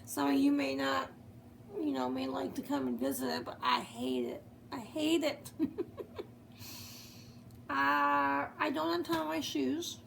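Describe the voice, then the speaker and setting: Chatty gravelly-voiced woman vlogger. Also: sits high, slow pace, long pauses, a little hiss or hum, poor audio. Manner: chatty, laughs often. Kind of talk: casual chat to camera.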